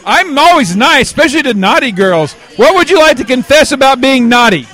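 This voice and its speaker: Playful male host, very high and bright, teasing party interviewer. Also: big pitch swings, brisk, faint music behind. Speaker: podcast host.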